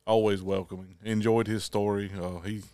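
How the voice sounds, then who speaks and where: Low-voiced man host with a rough throat. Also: flat delivery, normal speed, mellow, no echo, studio quality. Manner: rambling, with fillers and throat clearing. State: throat catching, voice off. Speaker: podcast host. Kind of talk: casual chat.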